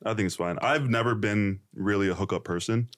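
Young male guest, lower voice, animated storyteller who laughs easily. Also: fairly quick. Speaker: podcast guest. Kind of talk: casual storytelling.

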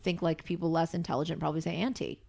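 A woman's voice: mid-range voice, lively intonation, a little fast, fairly bright tone. A woman co-hosting a comedy podcast, teasing her co-host in casual, sarcastic chat and swearing freely.

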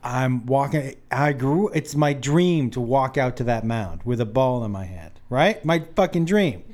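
A man's voice: medium pitch, a little slow. A man from Massachusetts hosting a podcast, joking and teasing in casual chat. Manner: joking, teasing, lively storyteller. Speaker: podcast host.

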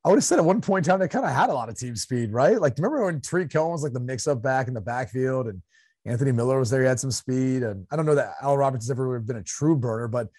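A man's voice: mid-range voice, lively intonation, quick pace, a little mellow, no room sound, clean studio sound. A man from Ohio co-hosting a sports podcast in casual chat, laughing often and breaking into impressions of coaches.

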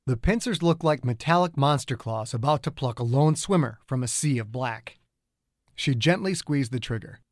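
A man reads a thriller audiobook in a steady, measured way. His voice sits in a middle range and the recording is dry and close, with no room sound. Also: mid-range voice, no room sound. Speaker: author and narrator. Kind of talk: scripted audiobook narration.

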